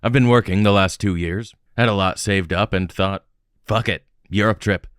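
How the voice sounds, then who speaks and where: A man's voice: fairly low pitch, moderate pace, a bit bright, clean tone, no room sound, studio quality, lightly acted. A man voicing a casual, eager young traveler from the American Midwest in an audiobook.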